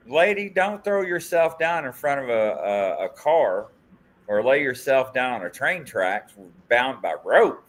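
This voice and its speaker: A man's voice: mid-range voice, expressive, measured pace, a bit bright. A man hosting a podcast, joking, teasing and laughing as he reads viewer comments aloud. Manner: playful, teasing, laughs often, swoops up and down. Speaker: host.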